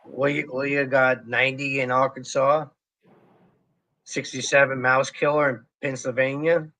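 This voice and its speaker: A middle-aged man co-hosts a casual livestream, speaking unhurriedly in a bright, forceful voice of medium pitch with little pitch movement. He is easygoing and chatty, reading viewer comments aloud.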